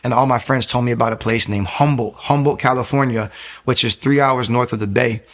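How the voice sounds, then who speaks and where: A young man tells his faith testimony in a rushed, emphatic stream. He keeps restarting his sentences. His voice is mid-pitched and jumps up sharply at key points. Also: fairly even intonation. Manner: fast, emphatic telling with frequent restarts and sudden raised bursts. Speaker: former soldier giving a testimony. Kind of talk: personal faith testimony, casual storytelling.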